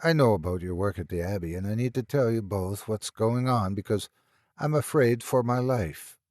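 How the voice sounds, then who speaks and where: A man's voice: on the low side, moderate pace, a little mellow, no echo, studio quality, natural voice. A man voicing a frightened, insistent young woman with a German accent in an audiobook. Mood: anxious. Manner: agitated, urgent.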